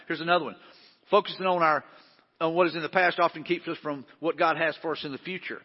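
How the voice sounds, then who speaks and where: A man's voice: fairly high pitch, fairly even intonation, fast talker. A middle-aged man preaching a sermon, folksy and conversational, often restarting his sentences. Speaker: pastor. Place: large church hall. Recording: muffled hall recording with long reverb.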